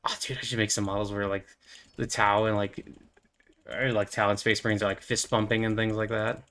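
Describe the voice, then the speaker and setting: A man's voice: lowish voice, level tone, fairly quick, a bit bright. A young man hosting a gaming channel, rambling playfully through casual commentary as he plays, with lots of fillers and goofy asides. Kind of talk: casual commentary while playing.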